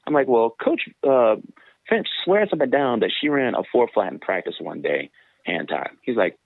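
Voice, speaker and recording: Former sprinter, male guest, animated anecdotes with jumping pitch, tinny dry phone audio. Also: moderate pace, creaky, no room sound. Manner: animated, acts out quoted voices with big pitch jumps. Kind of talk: casual storytelling in an interview.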